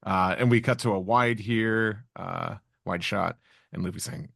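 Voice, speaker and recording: Low gravelly man recapping a comic. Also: a bit bright, dry recording, studio quality. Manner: halting, with many fillers and restarts. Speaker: podcast co-host. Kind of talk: casual chat recapping a comic chapter.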